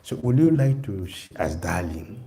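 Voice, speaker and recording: Preacher playing a humble hunter, quiet and low, pleading. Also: male voice, very animated, normal speed, vocal fry, a crowd in the background, exaggerated voice. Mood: coaxing. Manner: soft, low, coaxing. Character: meek pleading hunter husband.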